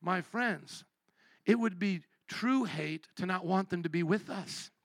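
A man's voice: high-pitched, unhurried, dry recording. A man preaching a sermon, impassioned and emphatic, sometimes acting out voices of the people in his examples. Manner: impassioned, rising to loud emphatic peaks.

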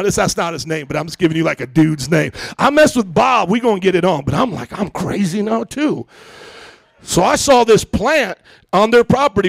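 A pastor in his thirties preaching a sermon, telling a story in casual slang and acting out the voices with loud outbursts. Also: high-pitched, gravelly, dry recording. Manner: animated, acts out quotes with shouts; casual slangy church talk.

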